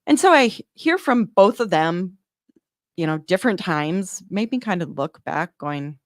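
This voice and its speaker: A woman working in newborn care, earnestly telling an animated story in an interview, acting out the dialogue. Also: fairly low pitch, unhurried, no room sound, clean studio sound. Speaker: neonatal medical provider, guest.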